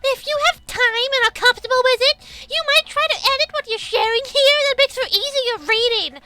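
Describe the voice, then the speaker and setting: A woman voicing a whiny, pedantic online commenter in a squeaky, tight-jawed baby voice for a comedic rant. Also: normal speed, music in the background. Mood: mocking.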